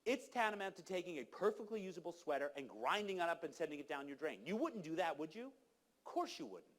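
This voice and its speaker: A man's voice: fairly high pitch, big pitch swings, fairly quick. A man giving an emphatic, exhorting talk at a conference, speaking to the audience directly. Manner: emphatic, exhorting, acts out quoted people. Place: conference hall.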